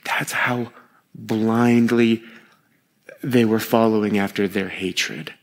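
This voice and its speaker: A man preaching a sermon to a live congregation in a conversational, animated way, with expressive groans of disgust and quick voiced asides. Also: long reverb tail. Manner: conversational and animated, acting out quotes with sharp pitch jumps.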